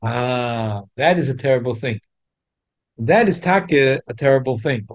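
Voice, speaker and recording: A man teaching a Torah class in an animated way, repeating key points for emphasis. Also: mid-range voice, normal speed, dull audio.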